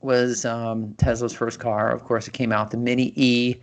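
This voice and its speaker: A man hosting a casual chat show, with a plain, mid-range voice. He talks loosely and conversationally, often pausing on fillers and restarting his sentences. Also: mid-range voice, little pitch movement. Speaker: podcast host.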